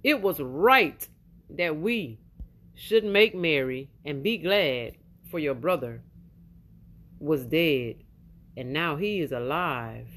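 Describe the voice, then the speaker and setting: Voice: medium pitch, lively intonation, fairly bright tone, voice pushed down. A preacher reading as a solemn father. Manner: slow, solemn scripture reading. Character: older father gently reasoning with his son.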